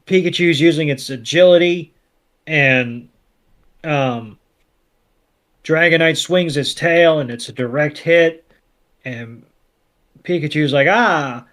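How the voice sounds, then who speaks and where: A man co-hosting a podcast, retelling an episode in casual chat with animated, swear-laced storytelling. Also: fairly high pitch, slow pace, pauses often. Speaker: podcast co-host.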